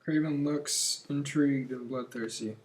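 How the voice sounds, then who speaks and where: A man's voice: mid-range voice, fairly even intonation, unhurried, darkish tone. A young man co-hosting a casual podcast, reading a script aloud and teasing his friend with crude jokes. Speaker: podcast co-host.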